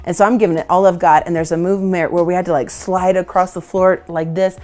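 A woman's voice: on the low side, steady tone, fast talker, darkish tone. A woman, a worship leader, telling self-deprecating stories in a casual interview, often laughing. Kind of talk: casual storytelling in conversation.

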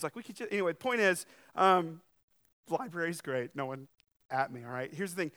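A man's voice: fairly high pitch, fast talker, fairly bright tone. A young man preaching a sermon in a conversational way, with joking asides and rising emphasis. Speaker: pastor.

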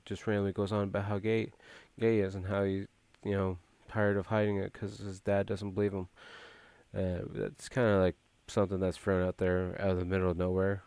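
A man's voice: on the low side, a little mellow, clear, resonant tone, no room sound. A man casually recapping a movie plot, rambling with frequent filler words and restarts.

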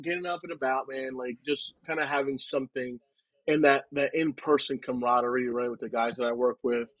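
A young man from New Jersey, talking casually as a podcast guest, in a relaxed and rambling way with frequent "man" and "right". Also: medium pitch, no echo, low-quality recording. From New Jersey, United States. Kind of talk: casual conversation.

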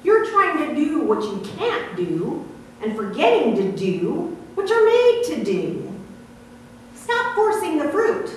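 A woman's voice: sits high, slow pace, slight background noise, voice pushed up, heavily acted. Woman playing a kindly coaxing old farmer. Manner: coaxing, lively storyteller's voice. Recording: echoey hall from far off.

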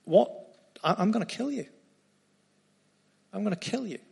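Brief: man doing a furious queen's threat, pitched up, in a sermon. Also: brisk. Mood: threatening. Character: threatening angry queen, woman.

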